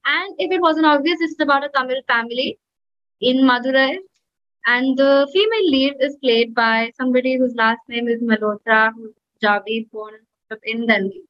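A woman's voice: sits high, normal speed. A woman co-hosting a casual podcast, earnestly laying out points with many fillers. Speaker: podcast co-host. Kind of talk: casual chat. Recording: dull, lo-fi recording.

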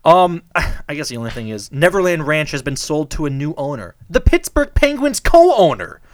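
Sarcastic, animated male podcast host. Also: on the high side, normal speed, dry recording. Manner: sarcastic, animated, laughs often. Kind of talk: casual chat.

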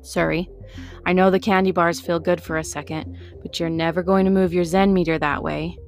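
A woman voicing a calm, firm female guide who coaches others in a patient, direct way. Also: lowish voice, moderate pace, faint music behind, natural voice.

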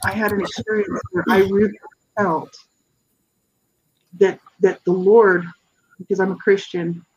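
A middle-aged guest author giving a personal testimony in an interview, earnest and halting, with many restarts. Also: medium pitch, little pitch movement, breathy edge, highs cut off.

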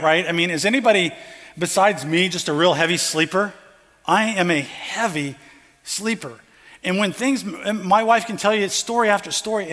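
A man's voice: sits high, a bit bright. A pastor preaching a conversational sermon, acting out the parable's characters as he goes. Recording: long hall reverb.

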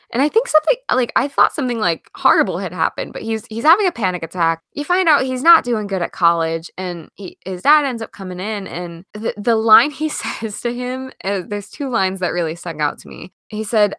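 A woman co-hosting a podcast, recapping a film in animated casual chat with many fillers and restarts. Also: mid-range voice, moderate pace, dry recording, clean studio sound. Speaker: podcast co-host.

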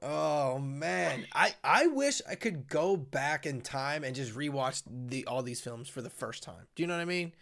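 A man's voice: mid-range voice, animated, measured pace, creaky, few pauses, fairly bright tone. A young man co-hosting a podcast, chatting casually and rambling with lots of fillers. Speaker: podcast co-host. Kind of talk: casual chat.

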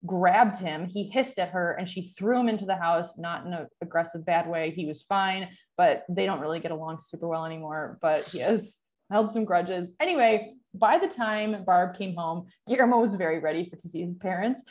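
A woman's voice: fairly low pitch, normal speed, hardly any pauses, darkish tone. Chatty woman telling a story. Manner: chatty, filler-heavy storytelling with frequent laughs. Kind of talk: casual chat, personal storytelling.

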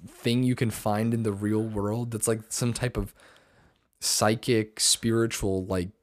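A man's voice: on the low side, level tone, a little slow, dry recording. A young man hosting a podcast, chatting casually and rambling, with lots of fillers. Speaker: podcast host. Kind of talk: casual chat.

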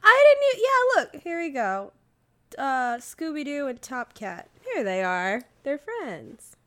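A woman co-hosting a casual podcast over a voice call, excitable and giggly, laughing often. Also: high voice, takes it slowly. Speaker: podcast co-host. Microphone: voice call headset or desk mic.

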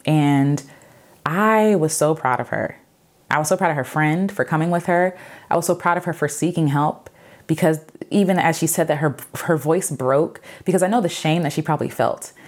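A woman sharing her own story in an earnest, reflective way, with many fillers and repeated phrases, and gentle pleading advice. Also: sits low, normal speed. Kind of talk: personal testimony to camera.

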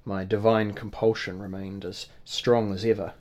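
A man reading a first-person novel aloud in a measured, formal manner. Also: on the low side, level tone, a little mellow, highs cut off. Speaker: audiobook narrator. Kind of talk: scripted first-person narration.

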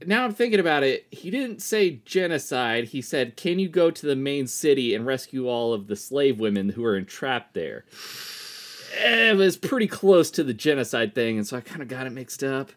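A man's voice: medium pitch, animated, moderate pace, a bit bright, lightly acted. Man doing a breezy old dude captain. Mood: laid-back. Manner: slangy, breezy, upbeat. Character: ancient male war captain talking like a laid-back 1990s dude. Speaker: podcast co-host. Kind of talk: improvised comedy role-play.

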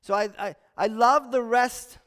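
Preaching at a measured pace with fairly even intonation, a male pastor with a very high voice sounds clear, resonant, and fairly bright. He gives an earnest sermon in a church sanctuary, posing rhetorical questions and repeating phrases amid long church hall reverb.

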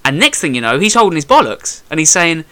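Animated fast-talking young man. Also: on the high side. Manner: animated storyteller, acts out quotes, swears a lot. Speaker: boxer telling a fight story. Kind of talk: casual chat.

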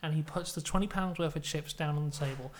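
A man telling an absurd story in a deadpan, mock-serious way, with ums and uhs. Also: a little high, quick pace. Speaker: podcast co-host, storyteller.

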